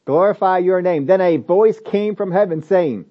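A man's voice: high voice, moderate pace, few pauses, lo-fi sound. A man preaching a sermon, emphatic and repetitive, asking rhetorical questions of his listeners.

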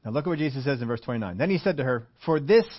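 A man's voice: medium pitch, lively intonation, rapid-fire, muffled recording. A male pastor giving a conversational sermon, reading scripture and asking the congregation rhetorical questions with humorous asides.

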